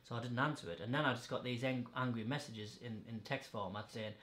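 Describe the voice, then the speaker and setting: A man tells stories in blunt, heavily sweary casual chat. His voice sits at an ordinary middle pitch and carries the echo of a bare room. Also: a little fast, fairly bright tone. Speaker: podcast host. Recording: echoey room.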